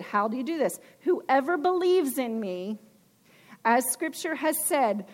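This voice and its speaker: A woman preaching a sermon with emphasis, asking her listeners questions. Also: high-pitched.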